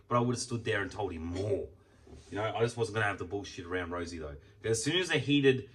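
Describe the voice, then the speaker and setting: A young Australian man venting in a heated, profane rant for his vlog. His voice is bright and forceful. He sounds a little away from the mic. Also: fairly low pitch, recorded from a distance. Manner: heated, swears a lot. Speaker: vlogger.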